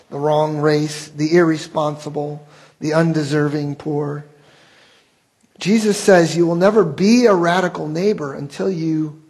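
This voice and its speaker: A man's voice: fairly high pitch, darkish tone, husky, low-quality recording. A man preaching a sermon as pastor, earnest and building to impassioned rhetorical questions.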